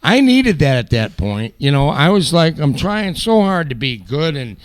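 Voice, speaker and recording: A man, a rock vocalist, telling profane road stories loudly in a casual interview, now and then breaking into improvised song. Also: fairly high pitch, very animated, normal speed, no room sound. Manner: loud, profane, bursts into improvised singing. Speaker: guest vocalist.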